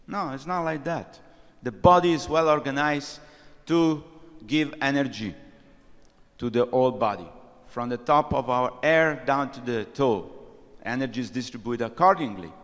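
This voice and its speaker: A man's voice: mid-range voice, moderate pace, fairly bright tone. Man telling scripture stories in a hall. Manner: storytelling, acts out quotes. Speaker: temple speaker. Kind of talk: scripture class with storytelling. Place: temple lecture hall. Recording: long reverb of a large hall.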